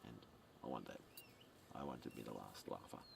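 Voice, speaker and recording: Deep, slow-talking man with a gravelly voice, rambling to camera outdoors, heard from a distance with faint ambient noise. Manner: meandering, repeats words, swears, chuckles often. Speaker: vlogger.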